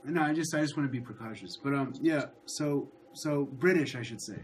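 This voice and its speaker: A man's voice: medium pitch, a little fast, a little hiss or hum. Hesitant man hosting a livestream. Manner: hesitant, repeats words and restarts. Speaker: livestream host. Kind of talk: casual chat.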